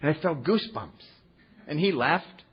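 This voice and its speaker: Man, slightly higher voice, folksy earnest storyteller at a meeting, muffled recording with faint hiss. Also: expressive, normal speed. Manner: earnest, folksy, with rhetorical "huh?" asides. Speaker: recovery meeting speaker. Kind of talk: personal storytelling talk to an audience. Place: meeting room before an audience.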